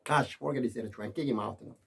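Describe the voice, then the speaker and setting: A man's voice: mid-range voice, very fast, gravelly, a bit bright, slight background noise. A man voicing a boastful rich man who coaxes a woman, bragging about his wealth. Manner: bragging, coaxing.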